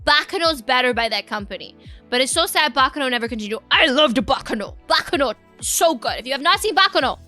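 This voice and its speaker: Bright high-voiced chatty woman streamer. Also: lively intonation, fast, faint music behind. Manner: chatty, rambling, reacts to chat with squeals and laughs. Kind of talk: casual live-stream chat.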